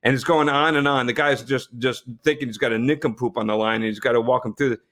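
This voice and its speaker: A man hosting a casual chat, telling a story in a relaxed way with frequent restarts. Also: medium pitch, fast.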